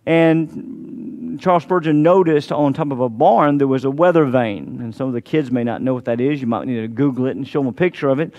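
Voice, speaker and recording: A man preaching a sermon as pastor, fervent and emphatic, slowing down to stress key phrases. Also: mid-range voice, lo-fi sound. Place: church sanctuary.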